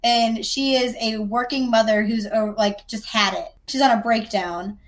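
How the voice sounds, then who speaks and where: Woman, from the South, high voice, chatty, self-deprecating, podcast host. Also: fairly even intonation, moderate pace. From American South. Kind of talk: casual chat.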